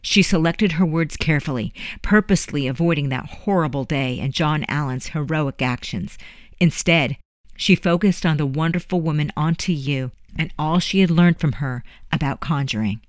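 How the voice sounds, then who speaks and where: An audiobook narrator reading a historical story in a measured, dramatic way. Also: medium pitch, no room sound, clean studio sound. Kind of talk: scripted narration.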